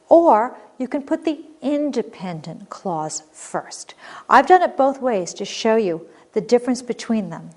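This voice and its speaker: A woman teaching a recorded grammar lesson, explaining clearly and patiently. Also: on the high side, a little mellow.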